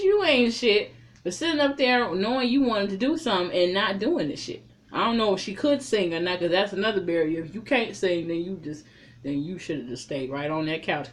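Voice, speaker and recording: Woman reviewer, blunt, swears freely, chatty recap with strong opinions. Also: fairly low pitch. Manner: profane, blunt, animated storytelling. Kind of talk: casual recap and commentary.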